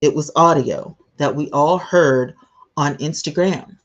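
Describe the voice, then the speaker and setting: A woman hosts her livestream in a low, unhurried voice, greeting viewers by name between emotional asides. The stream audio is slightly dull and lo-fi. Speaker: livestream host. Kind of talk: casual livestream commentary.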